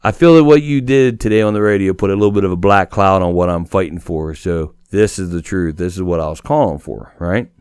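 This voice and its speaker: A low-voiced man tells a story as a podcast guest. He talks in an animated, rambling way and swears freely. The recording is dry and close. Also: fairly quick, few pauses, smooth, no room sound. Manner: animated, swearing, repeats "you know what I mean". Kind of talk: casual storytelling.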